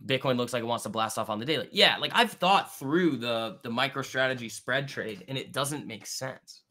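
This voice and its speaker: A man with a bright, forceful voice hosts a live trading stream. He talks loosely and casually, full of slang, answering viewers' chat as he goes. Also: medium pitch, moderate pace. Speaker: trading livestream host.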